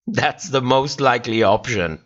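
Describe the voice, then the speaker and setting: A man's voice: medium pitch, fairly bright tone, muffled recording. A tired man hosting a livestream, casually chatting and reacting to viewers' comments while laughing often. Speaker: livestream host. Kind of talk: casual chat reading live comments.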